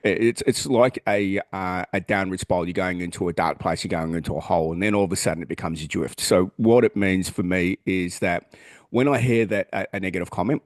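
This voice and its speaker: An Australian man co-hosts a podcast in casual chat, blunt and earnest, and swears freely. His voice is low-pitched and a little fast, recorded at studio quality with no echo.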